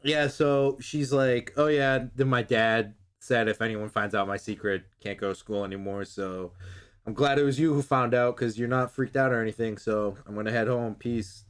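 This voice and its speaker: A man's voice: medium pitch, steady tone, normal speed. A man chatting casually, swearing freely and acting out characters' lines as he recaps a show. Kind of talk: casual chat recapping an anime episode.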